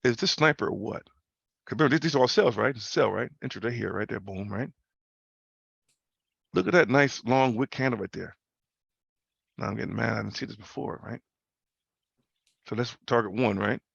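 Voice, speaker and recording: A man's voice: mid-range voice, normal speed, gravelly, pauses often, a bit bright, husky, no room sound. A man hosting a casual trading talk over a video call, loose and slangy, repeating himself and tagging questions onto his points. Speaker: host. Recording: muffled video call audio.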